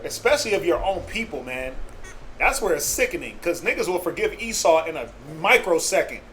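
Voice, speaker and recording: A man's voice: fairly high pitch, big pitch swings, fairly quick, fairly bright tone, a little hiss or hum, poor audio. A man speaking passionately in a group discussion, acting out the people he quotes and laughing often. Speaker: discussion participant.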